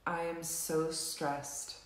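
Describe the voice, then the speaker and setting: Slow-paced woman leading a tapping session. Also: low-pitched, little pitch movement. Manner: slow, repeated affirmations said for the viewer to echo. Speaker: tapping coach. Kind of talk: guided tapping session, live stream. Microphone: live stream recording.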